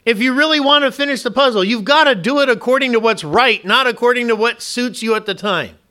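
High bright-sounding guy preaching, keeps asking the crowd stuff, lots of restarts. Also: a little fast. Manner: emphatic, asks the congregation questions; frequent restarts and repeated words. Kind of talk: sermon.

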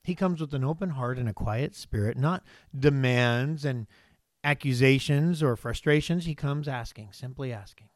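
A man's voice: mid-range voice, moderate pace, no room sound, clean studio sound. A man preaching a conversational sermon, reading scripture and asking the congregation questions. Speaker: pastor.

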